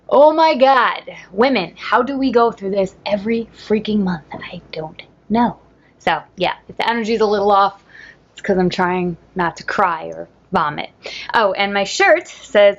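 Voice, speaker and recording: Woman life coach, chatty vlogger with rambling playful tangents; mid-pitched, slightly muffled recording. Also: creaky. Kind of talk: casual vlog talk to camera. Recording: slightly dull lo-fi sound.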